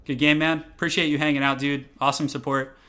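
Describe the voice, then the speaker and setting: A man's voice: on the high side, level tone, quick pace, bright, forceful tone. A man doing casual live-stream commentary over a game from a room at home, chatty and repeating his phrases as he answers chat.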